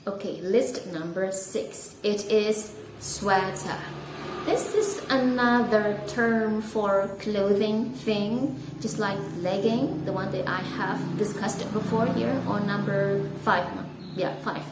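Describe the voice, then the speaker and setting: Indonesian-accented woman, relaxed teacher, careful and unhurried, spells words out, echoey room. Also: medium pitch, background noise. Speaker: English teacher. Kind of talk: casual pronunciation lesson.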